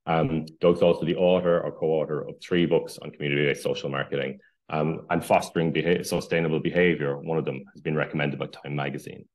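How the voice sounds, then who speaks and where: A man's voice: rumbling low, level tone, fairly quick, a little mellow. A man moderating a webinar, introducing the guest speaker with many hesitant ums.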